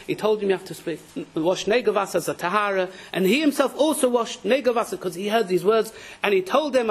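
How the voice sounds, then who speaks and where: A man with a high-pitched voice and gives a religious lecture. He tells his stories with dramatic energy and raises his voice sharply when quoting people. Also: fairly quick, husky. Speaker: rabbi teaching a Torah class.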